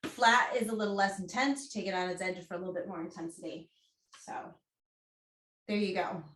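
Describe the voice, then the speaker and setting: A woman teaches a casual class in a relaxed, chatty way, joking as she goes and dropping plenty of ums. Her voice sits in a middling pitch range. The sound has a noticeable roomy echo around it. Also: a little fast, a little hiss or hum. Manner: chatty and jokey, with frequent ums. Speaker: movement and bodywork instructor.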